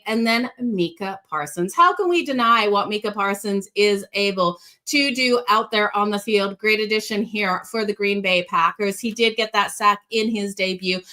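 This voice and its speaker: A woman's voice: medium pitch, bright, forceful tone. A woman with a slight Australian accent hosting a sports betting show, giving upbeat picks and talking straight to viewers. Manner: upbeat, addresses viewers directly.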